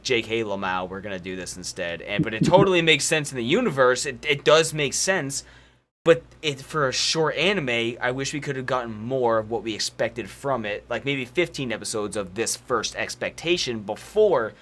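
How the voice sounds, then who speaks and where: A man hosting a casual podcast chat, talking in animated, rambling opinions and swearing freely. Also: medium pitch, moderate pace. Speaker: podcast host.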